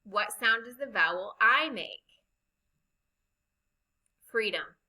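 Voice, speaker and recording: A woman records a reading lesson at a slow, careful pace. Her voice is very bright and clear, and she lingers on each example word and vowel sound. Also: mid-range voice, animated, poor audio. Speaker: reading teacher.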